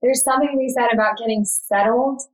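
A woman speaking as a midwife in a casual podcast conversation. She explains matter-of-factly in relaxed, informal phrasing. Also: a little high, quick pace, crowd noise, rough recording.

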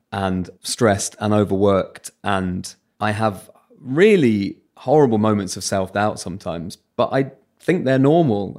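Low-voiced British man telling candid stories. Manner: candid, self-mocking, lively storytelling. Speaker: radio presenter as podcast guest. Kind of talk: casual interview chat.

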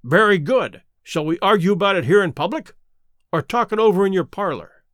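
A man voicing a sharp, self-assured male detective, measured and quietly commanding, with a high, lively voice. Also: no room sound, studio quality. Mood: cool.

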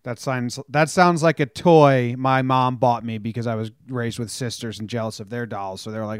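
A man hosting a casual sports podcast, upbeat and joking in fast banter with his co-host. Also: mid-range voice, fairly even intonation, clean tone, no room sound, clean studio sound. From New Jersey.

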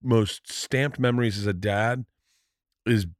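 A man hosting a casual podcast, his voice sitting at an ordinary middle pitch. He tells a story in a rambling, emotional way, stumbling and restarting as he goes and swearing freely. The room sound is dry and close. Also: fairly even intonation, no room sound. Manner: halting, many restarts. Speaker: podcast host. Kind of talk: casual chat.

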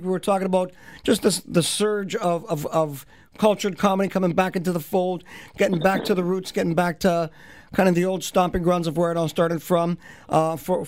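A man's voice: high voice, level tone, normal speed, a little mellow. A man hosting a live radio show with talkative, DJ-like patter. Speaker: radio host and producer.

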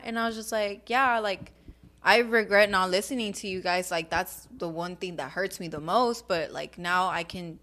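A woman's voice: fairly low pitch, steady tone, normal speed, fairly bright tone. A young woman chatting as a podcast guest, telling a family story, voicing her parents in Spanish and dropping to a whisper at times. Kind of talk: casual chat.

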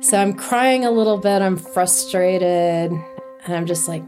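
A woman with a lowish voice recounts her own story at an unhurried pace. She is lively, laughs as she talks and acts out quoted lines. Soft music plays faintly behind her. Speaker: interviewee telling a hiking story. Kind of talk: casual storytelling.

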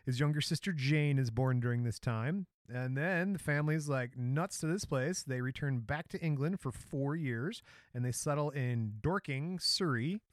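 A man's voice: mid-range voice, moderate pace, dry recording, clean studio sound. A middle-aged man from Michigan co-hosting a podcast, telling a life story in casual chat, joking and tripping over names. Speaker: podcast co-host.

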